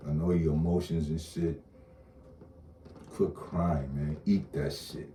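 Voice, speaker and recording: A man's voice: very deep voice, dark tone, slight background noise. A man in a casual, profane rant, blunt and repetitive, heard from a distance in an echoey room. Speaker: online commentator. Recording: roomy echo, distant mic, faint ambience.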